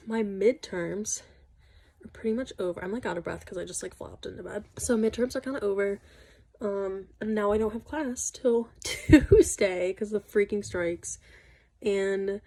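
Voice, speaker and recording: A woman's voice: medium pitch, mellow. Chatty young woman vlogging. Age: young adult. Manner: chatty, rambling, lots of "like". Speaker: study-abroad student vlogger. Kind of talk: casual vlog chat.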